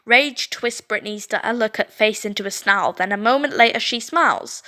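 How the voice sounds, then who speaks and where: A woman's voice: on the high side, moderate pace, hardly any pauses, sharp tone. A young woman reading a story game aloud, often stumbling over words and correcting herself. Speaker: gameplay video host.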